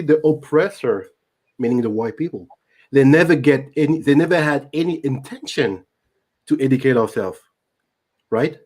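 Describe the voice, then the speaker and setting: A man whose first language is French hosts an interview in English with a French accent. His voice sits a little high for a man, and he talks hesitantly, often pausing on "uh" and starting his sentences over. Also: darkish tone. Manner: hesitant, many "uh" and restarts. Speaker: host. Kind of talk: conversational interview.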